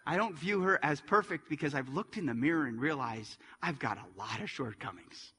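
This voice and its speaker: A middle-aged man preaches in a church, his bright, ringing voice sitting slightly high. It swings between loud, forceful passages and hushed, quiet ones. A long reverb trails every phrase. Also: animated, moderate pace. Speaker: pastor. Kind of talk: sermon.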